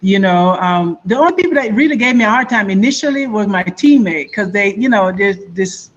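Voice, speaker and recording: A woman's voice: mid-range voice, lively intonation, fairly quick, highs cut off. A woman with a Jamaican accent, a guest on a radio interview, who tells stories with energy and acts out other people's voices. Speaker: guest, former basketball player.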